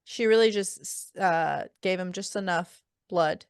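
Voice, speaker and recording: A woman co-hosting a casual book podcast, her voice smooth and clear. She swears freely and animates the scenes she recaps by quoting the characters. The sound is dry and close, with no room echo. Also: lowish voice, unhurried. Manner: profane, animated retelling with quoted character lines. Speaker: podcast co-host.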